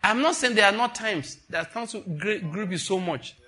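Bright-voiced pastor preaching. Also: male voice, high voice, normal speed. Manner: animated and conversational, acting out dialogues. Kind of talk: sermon.

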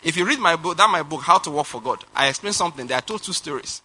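A man preaching a sermon, animated, laughing and firing rhetorical questions at the congregation. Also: a little high, fast, breathy edge. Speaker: pastor.

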